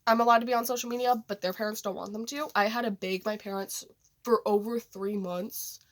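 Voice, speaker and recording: A woman's voice: mid-range voice, fairly even intonation, a little fast. A teenage girl casually telling a story about a dream, rambling, with many fillers and restarts. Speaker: vlogger.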